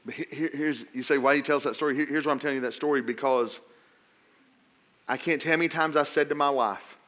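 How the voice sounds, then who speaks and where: A middle-aged man, a pastor, preaching a sermon and telling a personal story with stammered restarts before building to loud, emphatic appeals. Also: mid-range voice, fairly even intonation, fast talker.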